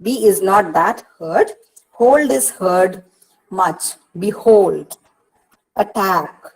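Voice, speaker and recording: A woman's voice: mid-range voice, lively intonation, takes it slowly, slightly rough, poor audio. A woman with an Indian English accent, a university counsellor, giving an online lecture and explaining step by step with frequent "see" and "uh".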